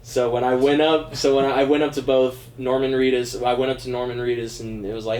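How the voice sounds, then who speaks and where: A man's voice: medium pitch, flat delivery, fairly quick, hardly any pauses, a little mellow, reverberant, a little hiss or hum. A man co-hosting a podcast in casual chat, laid-back and swearing casually. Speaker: podcast co-host.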